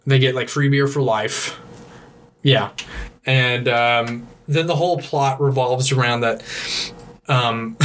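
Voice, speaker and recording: Brief: male podcast co-host, mid-pitched, rambling and laughing casual recapper, slight background hiss. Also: a bit bright. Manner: rambling, hesitant, laughs often. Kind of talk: casual movie recap chat.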